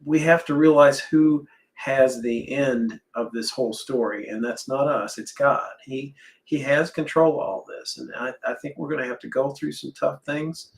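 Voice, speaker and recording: A man's voice: medium pitch, steady tone, moderate pace, vocal fry, poor audio. A man in his sixties in a casual faith talk, speaking earnestly with hesitant restarts. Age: 60s.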